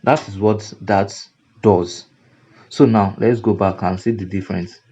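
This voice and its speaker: Nigerian man teaching design, low mellow voice. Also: steady tone, measured pace, husky. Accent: Nigerian English. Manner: repetitive, explanatory, frequent "now" and "you see". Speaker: graphic design instructor. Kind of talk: screen-recorded tutorial lecture. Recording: dull lo-fi recording.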